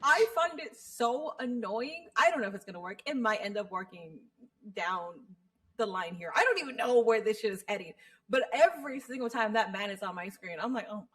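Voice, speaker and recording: A woman co-hosting a podcast in casual chat, animated, swearing freely and laughing often. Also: fairly high pitch, brisk. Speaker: podcast co-host.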